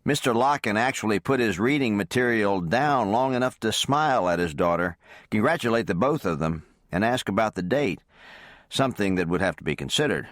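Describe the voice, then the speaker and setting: A man calmly narrating a romance audiobook close to the mic. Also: fairly low pitch, a little fast, dry recording. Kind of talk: scripted narration.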